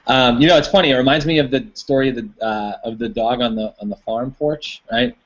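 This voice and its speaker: A man's voice: medium pitch, lively intonation, brisk, muffled recording. A man giving a rambling motivational talk as host of an online hangout, full of fillers and folksy stories. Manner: rambling, filler-heavy, tells a folksy story.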